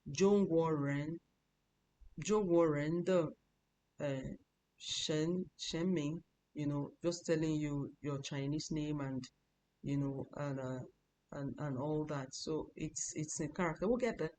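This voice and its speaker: A woman teaching an online pronunciation lesson, repeating each sound several times, breathy on hushing sounds, talking in a halting way with many restarts. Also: low-pitched, fairly even intonation, slight background noise. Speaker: online Chinese language teacher.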